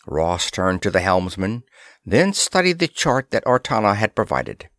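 A man reads a pulp adventure story in a measured, unhurried way. His pitch rises and falls a lot as he shapes the sentences. The recording is close and dry, with no room sound. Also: big pitch swings, a bit bright, dry recording. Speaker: narrator. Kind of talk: audiobook reading of pulp science fiction.

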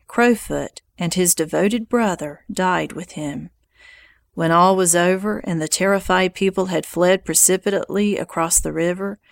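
Woman narrator, gravelly creak, dry close sound, measured audiobook reading. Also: on the low side, dry recording. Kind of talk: audiobook narration of historical nonfiction.

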